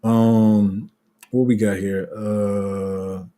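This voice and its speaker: A man's voice: lowish voice, little pitch movement, very slow, dark tone. A man hosting a casual crypto livestream, rambling with many restarts and reading viewer comments aloud. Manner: rambling, restarts often, laughs at himself.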